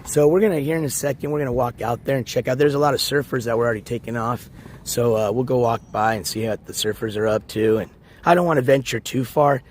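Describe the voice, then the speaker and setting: A man with a raspy, worn-out voice talks into his phone on a morning walk outdoors, rambling casually and greeting viewers in chat. His voice sits at an ordinary middle pitch, and a faint outdoor hiss runs behind him. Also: fast. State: hoarse, losing his voice. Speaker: IRL livestreamer. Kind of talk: casual live-stream chat.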